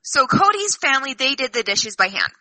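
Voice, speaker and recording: A woman's voice: high-pitched, fairly quick, no echo, poor audio. A woman telling family stories in a casual chat, animatedly acting out what people said. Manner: animated storyteller, acts out quotes. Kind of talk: casual chat among sisters.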